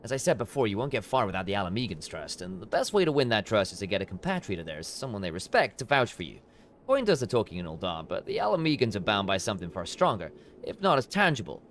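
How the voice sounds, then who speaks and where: A man reading a measured advising officer. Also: on the low side, big pitch swings, fairly bright tone, slight background noise. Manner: measured, explanatory. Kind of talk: reading game dialogue aloud in character.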